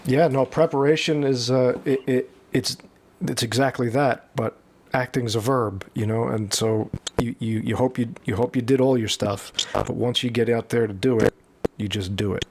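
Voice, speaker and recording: A man's voice: mid-range voice, fairly even intonation, moderate pace, darkish tone. A male host interviewing a guest, reflecting aloud and often restarting his phrases. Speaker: podcast host. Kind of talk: interview conversation.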